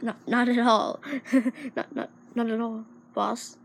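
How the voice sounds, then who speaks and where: Woman doing a scared lil henchman, stutters a lot, high and slow. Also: level tone, vocal fry, a little hiss or hum. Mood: fearful. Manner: stammering, fearful. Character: nervous cowering henchman, timid and stammering.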